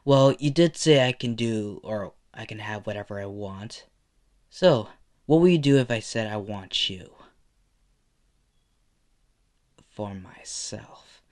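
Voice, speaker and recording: A man's voice: fairly low pitch, lively intonation, measured pace, a little mellow. A man voicing a cocky, teasing teenage boy hero in a casual, drawling way with lots of fillers.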